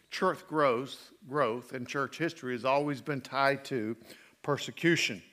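A middle-aged male pastor preaching a sermon, folksy and animated as he tells stories. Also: mid-range voice, measured pace. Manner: folksy storytelling with animated asides.

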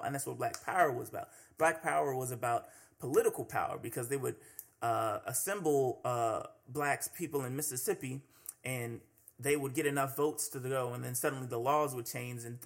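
A man hosting a solo commentary podcast, talking conversationally with many fillers and restarts. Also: medium pitch. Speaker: podcast host.

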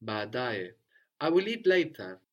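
A man with an ordinary mid-range voice leads a spoken language lesson. He prompts, corrects gently and echoes every answer back. His manner stays calm and encouraging. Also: mid-range voice, unhurried. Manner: patient, repeats and praises answers. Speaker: language teacher.

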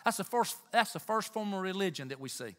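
A man preaching a sermon in church, talking to the congregation with emphatic, animated delivery and Southern turns of phrase. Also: high voice, a little fast. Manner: animated, emphatic, rising to near-shouts.

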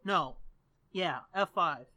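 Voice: mid-range voice, slow pace, pushed and bright, dry recording. A podcast co-host in casual banter, swearing freely and joking with mock outrage.

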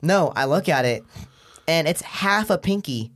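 A man's voice: a little high, animated, a little slow, a bit bright. Teen guy, podcast guest, casual storytelling, crude slang, acts out other voices. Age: teens.

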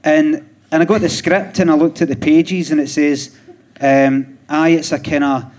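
A man's voice: fairly high pitch, little pitch movement, moderate pace, a little mellow. A Glaswegian man guesting on a live podcast, telling stories in a rambling way with restarts and dry chuckles. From Scotland. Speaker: comedian guest. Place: theatre stage before a live audience. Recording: live theatre with audience noise.

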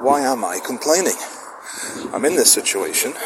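A man's voice: mid-range voice, big pitch swings, normal speed. A middle-aged man musing aloud in a rambling, self-questioning solo monologue, recorded outside in the wind. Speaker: podcast host. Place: outdoors in the wind.

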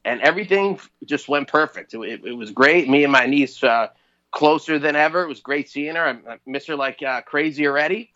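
A man's voice: on the high side, fairly quick, bright, forceful tone, lo-fi sound. A man from New Jersey co-hosting a podcast, chatting in a rambling, upbeat way with lots of fillers. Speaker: podcast co-host. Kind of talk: casual podcast chat.

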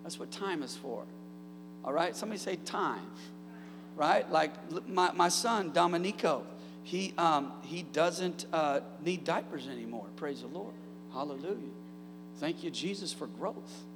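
A man in his thirties preaching a sermon in a church, calling out to the congregation and building up to shouts. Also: a little high, expressive, unhurried, big-room sound, background noise. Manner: call-and-response preaching, rising to shouts. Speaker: pastor. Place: church sanctuary.

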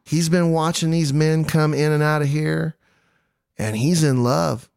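A man's voice: a little high, fairly even intonation, measured pace, vocal fry, a little mellow, smooth, no echo, clean studio sound. A man in his thirties hosting a podcast, telling a true-crime story in casual, jokey chat and acting out quotes in goofy voices. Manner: self-deprecating, jokey. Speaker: podcast host.

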